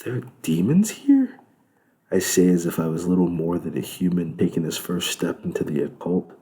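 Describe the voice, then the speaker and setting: A man narrating a novel in the first person with plain, steady reading. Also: sits low, brisk, low-quality recording. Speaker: audiobook narrator.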